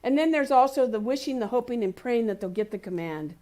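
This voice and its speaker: A woman's voice: on the high side, expressive, fairly quick, a little hiss or hum. A woman speaking at a spiritual community service, telling everyday stories in a conversational sermon with laughter and playful voices. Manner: warm anecdotal storytelling with laughs and playful quoted voices. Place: community center hall.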